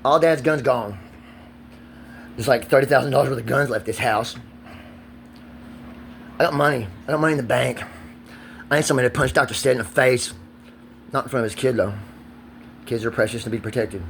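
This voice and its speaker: Man in his 40s, gravelly fry-laden voice, profane rambling vlog rant, faint background hum. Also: mid-range voice, brisk, pauses often. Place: outdoors.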